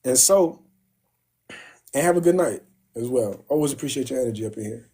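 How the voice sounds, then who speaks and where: A man hosting a casual livestream and retelling a story in animated slang, voicing the characters in quick bursts. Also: mid-range voice, husky. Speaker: livestream host. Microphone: phone.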